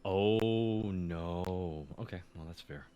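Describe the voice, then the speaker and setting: A man's voice: low voice, takes it slowly, dark tone, smooth, highs cut off. A man playing a tabletop game, reacting to the rolls. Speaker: player.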